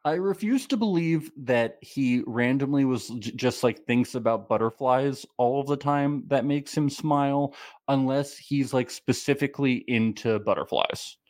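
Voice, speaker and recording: A man co-hosting a podcast in casual chat, animated, exasperated and profane. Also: mid-range voice, unhurried, no room sound, studio quality. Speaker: podcast co-host.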